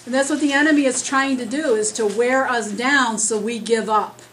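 A woman preaching an earnest, rambling sermon as she starts losing her voice, talking loud without a microphone. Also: fairly high pitch, normal speed, low-quality recording. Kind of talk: conversational sermon. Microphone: speaking loud without a microphone.

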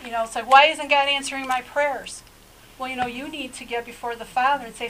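A woman's voice: high-pitched, steady tone, fairly quick, fairly bright tone, a little hiss or hum, poor audio. A woman preaching a sermon in a conversational way, talking straight to her listeners and often repeating herself as she goes. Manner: conversational, repeats words and restarts, direct address to listeners.

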